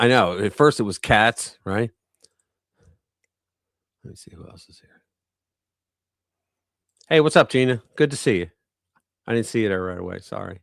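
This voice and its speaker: A man hosts a casual live stream, chatting offhandedly and muttering as he hunts for stories. His voice is gravelly and moves lively up and down, and it sounds close and dry. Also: lowish voice, dry recording.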